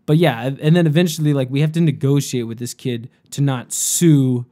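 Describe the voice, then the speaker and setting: A man's voice: medium pitch, fairly even intonation, normal speed, dark tone. A young man and podcast host telling a story in casual chat, rambling and profane, with lots of "like".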